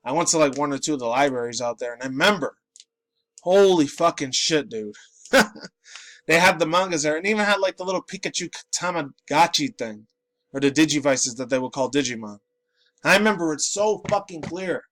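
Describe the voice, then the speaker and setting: A man's voice: a little high, expressive, a little fast, a bit bright, no room sound. A man in his late twenties, just woken up and groggy, ranting and rambling in a profane, casual commentary. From New York City. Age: late 20s. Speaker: pop culture vlogger.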